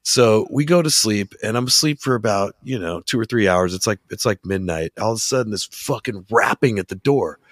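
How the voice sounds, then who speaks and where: A man telling a long story in casual chat, swearing often and acting out the people in it with loud voices. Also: fairly low pitch, brisk, few pauses, dry recording. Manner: profane, animated, acts out quotes loudly. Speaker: podcast guest telling a story.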